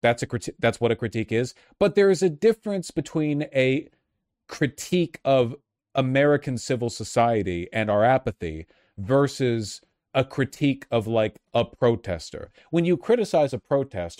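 A young man streaming political commentary, arguing his points with frequent restarts and sudden rises in pitch. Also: no room sound, clean studio sound. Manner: argumentative, restarts a lot, animated rises in pitch.

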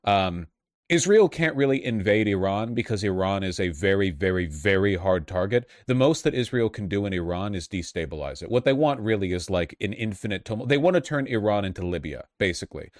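A man reacting to clips in casual commentary, swearing and flaring up heatedly as he goes. His voice sits a bit low. The sound is dry and close, with no room around it. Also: expressive, a little fast, no room sound. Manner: profane, heated outbursts. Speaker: political commentator.

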